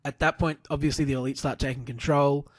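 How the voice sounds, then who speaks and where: A man's voice: mid-range voice, fairly even intonation, fast talker, no room sound. A man co-hosting a casual podcast, recapping matches in a rambling, play-by-play way with lots of fillers. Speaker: podcast co-host. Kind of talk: casual wrestling recap chat.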